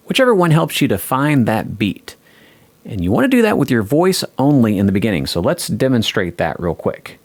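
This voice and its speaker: A man teaching a guitar lesson, calmly explaining and counting the beat aloud. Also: mid-range voice, a little fast, no echo. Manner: calm explaining, counting beats aloud over a track. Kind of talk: instructional lesson.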